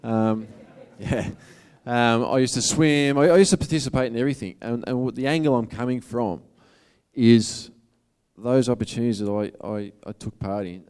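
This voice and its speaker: Addressing an audience, a motivational speaker with an Australian accent talks in a casual, earnest manner. His voice is fairly low, smooth and resonant, with a slightly mellow quality.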